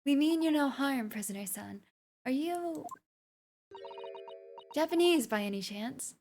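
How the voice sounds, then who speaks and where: A woman voicing a polite, composed young female judicial assistant who speaks softly and formally. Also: sits high, animated, unhurried, soft background music, pitched above the performer's own voice. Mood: puzzled. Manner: soft, courteous and formal.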